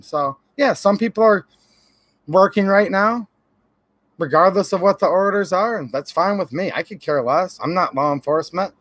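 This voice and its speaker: A man from Michigan hosts a casual livestream. He talks in a fairly high voice and greets his viewers by name, friendly and opinionated. The sound is dry and close, with no room echo. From Michigan, USA. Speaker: YouTube channel host. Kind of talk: casual livestream chat reading viewer comments.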